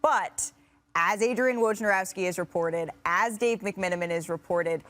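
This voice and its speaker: A woman who hosts a sports TV show, leading a studio discussion in a measured, conversational way. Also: mid-range voice, fairly bright tone.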